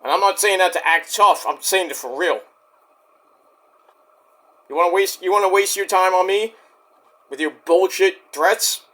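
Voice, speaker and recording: Male wrestling reviewer, high and bright voice, excitable and profane recap delivery. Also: measured pace, long pauses. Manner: excitable, profane, storytelling rant. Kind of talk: casual recap commentary.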